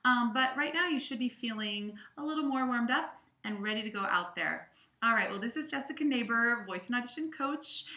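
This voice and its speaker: A woman voice coach leading a guided vocal warm-up lesson, cueing and counting the singer through each exercise in an encouraging way. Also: fairly high pitch, expressive, fairly quick. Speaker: voice and audition coach. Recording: roomy sound with piano behind. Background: piano accompaniment.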